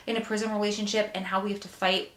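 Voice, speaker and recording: A woman's voice: mid-range voice, flat delivery, fast. A young woman talking earnestly to her viewers in a casual vlog, emotional and close to tears. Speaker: vlogger. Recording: roomy echo.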